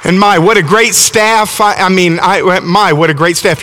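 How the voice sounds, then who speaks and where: A man's voice: high voice, normal speed, few pauses, bright, forceful tone. A middle-aged man from Alabama with a Southern accent, preaching and telling stories in a folksy, enthusiastic way, often restarting his words. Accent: Southern American. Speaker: visiting preacher. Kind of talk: sermon with storytelling. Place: church sanctuary. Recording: long church reverb.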